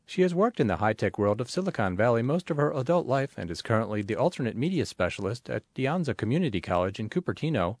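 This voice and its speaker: A man reads magazine articles aloud in a scripted way, clear and measured. His pitch moves a lot, giving the reading lots of life. The sound is dry and close, with no room echo. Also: a little mellow. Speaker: reader of an audio magazine. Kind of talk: scripted read-aloud narration.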